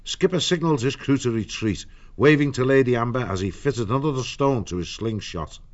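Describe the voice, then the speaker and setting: A man reading an audiobook in a measured storytelling manner. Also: medium pitch, animated, dull audio. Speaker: narrator. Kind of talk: audiobook narration.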